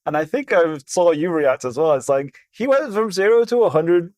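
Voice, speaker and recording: A man's voice: fairly high pitch, animated, normal speed, darkish tone, no room sound, clean studio sound. A man co-hosting a casual movie review podcast, mocking the film with laughs and swearing. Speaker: podcast co-host.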